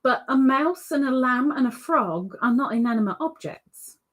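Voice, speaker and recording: A woman's voice: high voice, animated, moderate pace. A woman hosting a casual live stream, reading chat messages aloud in a chatty, teasing way. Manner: chatty, teasing, playful sing-song asides. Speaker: livestream host reading chat.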